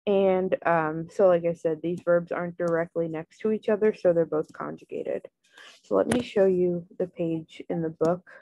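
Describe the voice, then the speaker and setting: A woman tutoring Spanish in a casual online lesson, loose and relaxed, full of "um" and "like". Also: on the low side, moderate pace, creaky, no echo, lo-fi sound. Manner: relaxed, filler-heavy, many "um" and "like".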